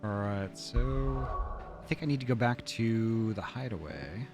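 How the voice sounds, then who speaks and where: Brief: giggly man casually commentating his game stream, unhurried. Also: fairly low pitch, expressive. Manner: playful, giggly, mild swearing. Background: faint game music.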